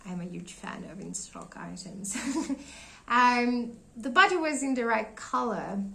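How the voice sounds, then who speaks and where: A woman's voice: a little high, animated, measured pace, creaky, sharp tone, low-quality recording. A young woman losing her voice, chatting casually and rambling as she shows her collection in a vlog, often searching for names and laughing. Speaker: doll collector vlogger. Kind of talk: casual show-and-tell vlog.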